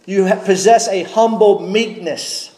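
A man preaching a sermon from the pulpit, measured and emphatic, slowing down to stress key words. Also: sits high, darkish tone, echoey room, low-quality recording. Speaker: pastor. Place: church sanctuary.

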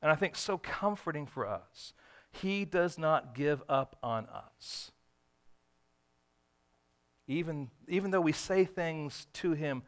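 A pastor with a slightly high voice and lively intonation preaches slowly, leaving long pauses. His sermon swings between loud emphatic bursts and hushed, tender lines, and he acts out quoted dialogue in a folksy, conversational manner.

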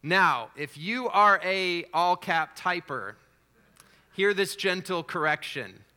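A middle-aged man delivers a sermon with a bright, forward tone that sits a little high for a man. He talks to the congregation in a conversational way, with fillers and restarts. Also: lively intonation, slow pace. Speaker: pastor.

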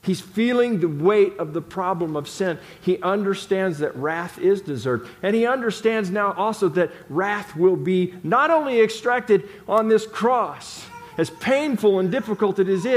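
High-voiced man preaching in a reverberant hall. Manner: emphatic, repeats phrases for stress. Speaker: pastor. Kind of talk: sermon.

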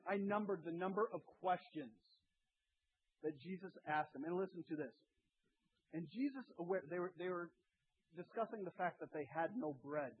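A male pastor preaches with a storyteller's flair, hitting his points with sudden emphatic bursts. His voice sits a little high and sounds a bit husky. The sound is dry and thin, like it came through a phone line. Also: dry recording. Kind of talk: sermon.

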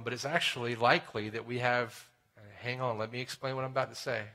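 A man preaching a sermon in a conversational way, often asking "right?" and dropping to a hushed tone for serious points. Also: medium pitch, flat delivery, a little fast. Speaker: pastor.

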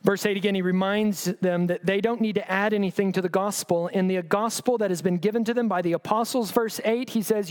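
A man's voice: high voice, fairly even intonation, brisk, hardly any pauses, smooth. A man preaching a sermon, reading scripture aloud with pointed sarcastic emphasis and pressing the listeners with rhetorical questions. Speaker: pastor.

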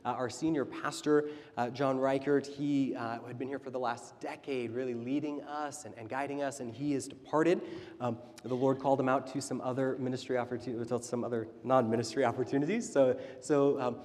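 A man in his thirties, a church leader, telling stories in a casual, animated sermon. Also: medium pitch, a little fast. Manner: animated, chatty storytelling. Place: church sanctuary. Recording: reverberant church hall.

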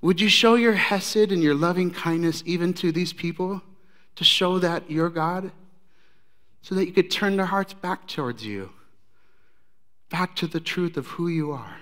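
Man preaching an animated sermon. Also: high-pitched, a little slow. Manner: animated, conversational storytelling. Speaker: pastor.

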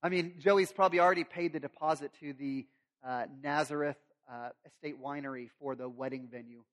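A man's voice: on the high side, fairly even intonation, brisk, a bit bright. A male pastor preaching a sermon in a conversational, storytelling way with humorous asides.

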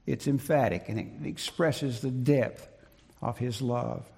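A man preaching a sermon in an emphatic, deliberate way, repeating his key phrases, with a gravelly, husky voice. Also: medium pitch, darkish tone. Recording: long reverb of a large hall.

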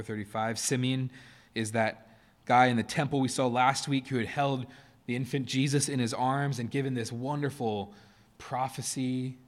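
A man preaching a sermon to his church, earnest, pressing his points hard and then dropping to a softer, quieter tone. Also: mid-range voice. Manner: earnest, rising to emphatic stresses then dropping soft. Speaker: pastor. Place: church sanctuary.

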